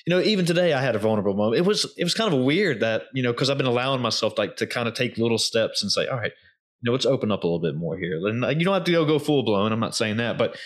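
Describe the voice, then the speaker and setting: A man's voice: mid-range voice, lively intonation, racing, few pauses. A man hosting a casual conversation, talking loosely and swearing now and then.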